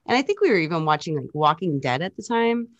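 A young woman with a low voice chats through a relaxed interview. She tells stories and walks through technical points in a friendly, chatty way. The sound is dry and close. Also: quick pace, no echo, dull audio. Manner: chatty, storytelling, explains technical details. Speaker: DJ and music producer, guest. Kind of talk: casual interview chat.

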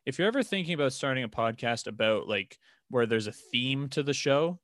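A man's voice: mid-range voice, expressive, a little fast, a bit bright, dry recording, clean studio sound. A man co-hosting a podcast, talking loosely and profanely and laughing often. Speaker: podcast co-host. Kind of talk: casual podcast banter. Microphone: podcast mic.

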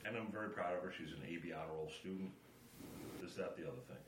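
A middle-aged man on a podcast, telling a family story in a lively, animated way and acting out the quotes. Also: sits low, fast. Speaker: podcast co-host. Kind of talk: casual chat, storytelling. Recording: echoey room with faint ambient noise.

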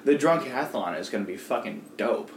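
A man's voice: medium pitch, expressive, moderate pace. A young man hosting a podcast in casual chat, joking around, swearing freely and laughing often. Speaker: podcast host. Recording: echoey room with faint noise.

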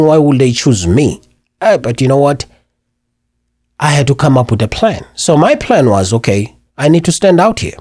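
This is a husky-voiced man from Africa in his forties, hosting a community radio talk show. He tells his story with lots of pitch movement and a chatty, animated delivery. The sound is dry and close. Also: no echo.

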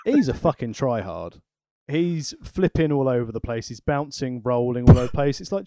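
A man's voice: mid-range voice, expressive, normal speed, dark tone, no echo, studio quality. A man co-hosting a podcast, mocking wrestlers in a sardonic, swearing way. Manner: sardonic, mocking, laughs at own jokes. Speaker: podcast co-host. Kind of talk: casual wrestling chat.

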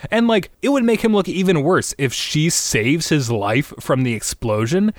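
A man's voice: a little high, lively intonation, normal speed, no room sound, clean studio sound. A man in casual chat, riffing loosely and jokingly, often swearing.

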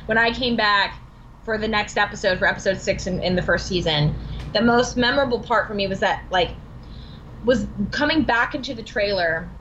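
Bright, bubbly woman telling stories. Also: a little high, muffled recording, a little hiss or hum. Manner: bubbly, animated storytelling with quoted dialogue and laughs. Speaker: podcast guest, actress. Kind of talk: casual interview chat.

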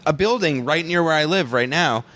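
A man co-hosting a podcast in casual chat, easygoing and quick to riff along with jokes. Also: a little high, animated, fairly bright tone. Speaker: podcast co-host.

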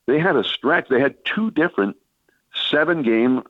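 An older man, a veteran baseball broadcaster, tells long, rambling anecdotes on a sports talk radio show in a mid-range voice with lively intonation at normal speed. His storytelling is full of restarts and fillers. The recording is dry and dull.

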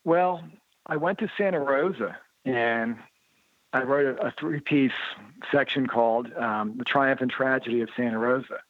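At a moderate pace, this mid-range male voice arrives over a thin, phone-like connection, dry and close with no room sound. As an interview guest who writes and blogs about motorcycles, he spins animated, casual stories and slips into the voices of whoever he's quoting.

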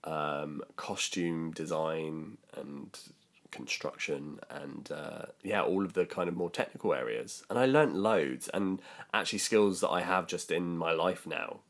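Young British man, low voice, rambling storyteller with plenty of fillers. Casual podcast co-host. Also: measured pace. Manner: chatty storytelling, lots of ums and likes. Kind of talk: casual chat.

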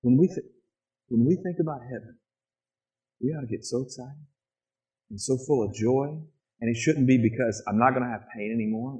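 A man preaching a sermon in a church, lively and animated, often acting out excited quotes in a higher voice. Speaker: pastor.

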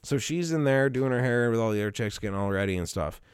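A man's voice: medium pitch, fast talker, clear, resonant tone, no room sound. Guy rambling thru a story, lots of swearing and laughs, mid voice, dead dry sound. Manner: profane, animated, laughing storyteller. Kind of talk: casual crude storytelling chat.

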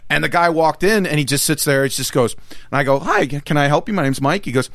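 A man's voice: fairly high pitch, fairly quick, fairly bright tone, no room sound. A man in casual chat, blunt and profane, acting out both sides of old work exchanges.

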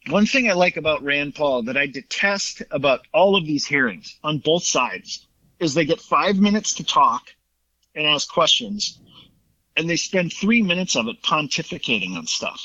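An opinionated man holds forth in casual political chat, retelling conversations at length. His voice sounds bright and forward. The recording is dull and lo-fi, with a dry, close sound. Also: a little high, very animated, normal speed, no room sound.

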